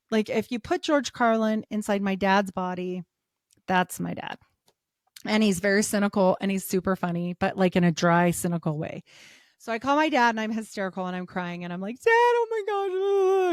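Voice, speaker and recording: A woman in her forties telling a personal story as a podcast guest, animated, laughing often and filling her talk with "like". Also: medium pitch, no echo, clean studio sound. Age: 40s. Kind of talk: casual storytelling.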